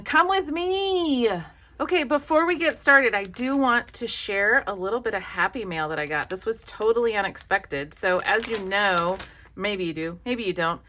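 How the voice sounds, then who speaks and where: A woman's voice: mid-range voice, a little fast, sharp tone, a little hiss or hum. A woman from the South, hosting a casual crafting vlog in a chatty, gushing, self-deprecating way. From American South. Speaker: craft channel host.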